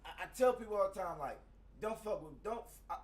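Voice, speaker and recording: A man with a high voice talks fast in casual conversation, telling a profanity-laced story and acting out heated quotes with lots of animation. Faint background noise comes through the distant mic.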